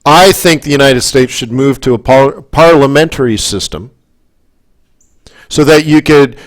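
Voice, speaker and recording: A Canadian man coaches forex traders through live market commentary, rambling into asides, checking in with his audience and getting worked up and emphatic. He has a medium-pitched voice and keeps a measured pace.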